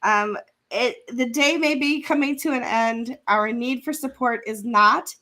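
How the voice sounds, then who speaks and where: Woman host on a video call, kinda high voice, chatty n laughs a lot. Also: measured pace, pushed and bright. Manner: chatty, laughs often, sponsor thank-yous. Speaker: event host. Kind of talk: casual live-stream chat. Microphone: remote video call.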